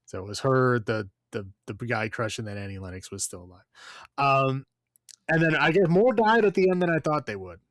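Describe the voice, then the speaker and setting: A man's voice: mid-range voice, animated, normal speed, fairly bright tone, no echo, clean studio sound. A man co-hosting a podcast, giving a blunt, profane, rambling movie review with lots of fillers. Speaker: podcast co-host. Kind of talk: casual movie review chat.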